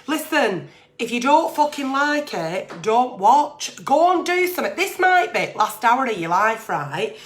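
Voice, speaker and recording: A woman's voice: on the high side, very animated, unhurried. A woman, hosting an agony-aunt livestream and giving blunt, sweary, plain-spoken advice. She talks in a chatty way, reading out letters and then answering them.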